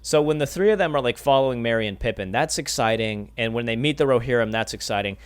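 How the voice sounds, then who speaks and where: A man co-hosting a casual movie chat, excitable, swearing freely and calling his friend dude. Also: medium pitch, fast talker, smooth. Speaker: podcast co-host.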